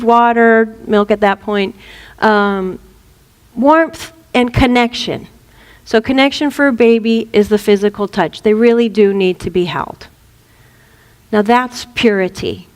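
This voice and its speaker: With a clean, mid-range voice and a long reverb tail around her, a reverend shares an informal spiritual talk. She tells stories with animation and acts out quotes in a playful way.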